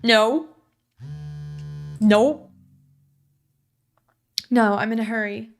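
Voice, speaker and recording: A woman's voice: fairly high pitch, extremely slow, faint music behind. A young woman casually commenting on a horror visual novel, chatty and full of slang. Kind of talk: let's play commentary and reading aloud.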